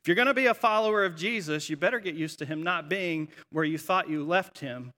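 A middle-aged male pastor preaching a sermon in a church sanctuary, telling stories with animated energy. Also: fairly high pitch, fairly quick. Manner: animated storytelling. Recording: echoey hall.

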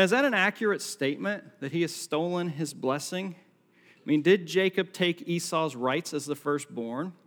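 A man's voice: fairly high pitch, bright, forceful tone. Man preaching in a reverberant hall. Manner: storytelling, acts out the quoted lines, jokey asides. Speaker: pastor. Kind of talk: sermon. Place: large hall with a live congregation.

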